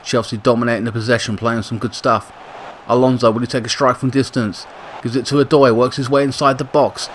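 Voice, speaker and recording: Gaming commentator, male, middle pitch, chatty with sudden excited bursts, light noise under the voice. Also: brisk. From Britain. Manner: excitable bursts on attacks, chatty asides and self-corrections. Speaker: gaming YouTuber commentating a football sim. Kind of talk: casual play-by-play game commentary.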